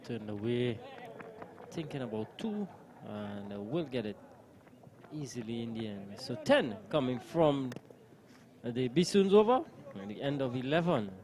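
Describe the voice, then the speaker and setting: A male commentator calls each ball of a cricket match in a measured, steady way. His voice is mid-pitched, with a crowd clearly heard underneath.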